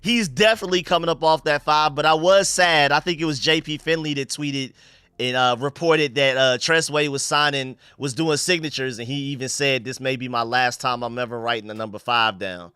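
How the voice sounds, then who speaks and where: Bright, crisp-voiced North Carolina man. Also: mid-range voice, fairly quick, dry recording, clean studio sound. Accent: Southern US (North Carolina). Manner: animated, slangy, talks straight to viewers. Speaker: sports live-stream host. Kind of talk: casual live-stream commentary. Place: his room at home.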